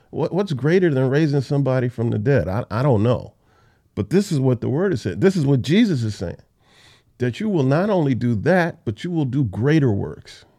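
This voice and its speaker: A man's voice: medium pitch, lively intonation, moderate pace, dark tone. A man hosting a Bible study podcast, teaching in a casual, conversational way on a close mic. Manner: conversational, with fillers and restarts.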